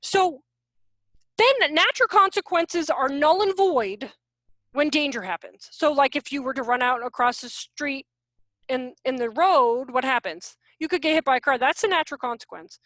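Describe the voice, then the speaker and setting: A woman's voice: high-pitched, lively intonation, normal speed, a bit bright, no echo. A woman presenting an online workshop on parenting and teaching, talking casually and acting out parents and kids as she goes. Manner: chatty, acts out parent and child voices. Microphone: video call.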